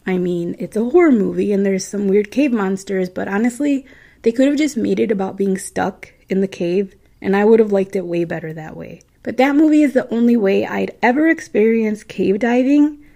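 A chatty Midwestern woman hosting a spooky story podcast, her voice mellow and dark with a gravelly fry at the ends of phrases. She talks casually, tossing in asides to her listeners and little laughs. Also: medium pitch, expressive, moderate pace. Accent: Midwestern American. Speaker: true-story podcast host.

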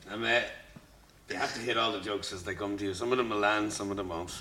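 A man's voice: lowish voice, steady tone, fast, pushed and bright, a little hiss or hum. A man, a band member, telling a rambling story and groping for words as a podcast guest. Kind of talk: casual storytelling. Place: bar. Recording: bar with crowd chatter. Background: pub crowd.

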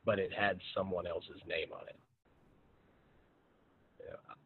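A man hosting a podcast, talking with a guest in a relaxed, frank, friendly way. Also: deep voice, takes it slowly, husky. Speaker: podcast host. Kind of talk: casual conversational interview. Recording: tinny phone-like line with faint hiss.

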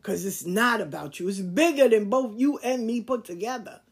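A middle-aged woman with a husky, slightly high voice delivers a candid monologue to her listeners. She is blunt and emphatic and swears without hesitation. She lectures like someone laying down hard truths. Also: animated, moderate pace. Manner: preachy, lecturing tone. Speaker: podcast host.

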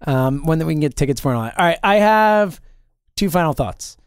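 A podcast co-host in casual sports chat, telling stories with animated energy and wry teasing. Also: medium pitch, brisk, smooth, dry recording.

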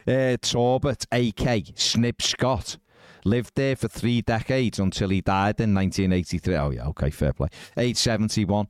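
A man's voice: lowish voice, normal speed, no echo, studio quality. Wry man reading stories aloud. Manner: wry, incredulous asides while reading. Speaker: podcast host. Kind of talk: casual podcast chat, reading out news stories.

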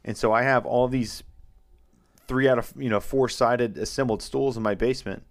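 A man's voice: medium pitch, steady tone, normal speed. A man co-hosting a podcast, explaining his woodworking process in a rambling, repetitive way. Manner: rambling, repeats words when explaining. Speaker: podcast co-host. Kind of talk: casual chat.

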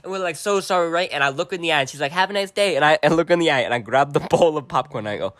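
A young man co-hosting a casual podcast, retelling a funny story with lots of energy. He keeps jumping into quick voices for the people in the anecdote. His speech rises and falls freely as the story builds. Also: on the high side, no room sound, clean studio sound. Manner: animated, acts out voices in anecdotes. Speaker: podcast co-host.

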